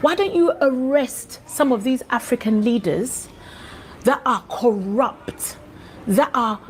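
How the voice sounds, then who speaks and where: A woman's voice: fairly high pitch, slow, a little hiss or hum. Indignant Ghanaian woman vlogger. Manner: passionate and indignant, with fillers and restarts. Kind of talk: impassioned commentary vlog.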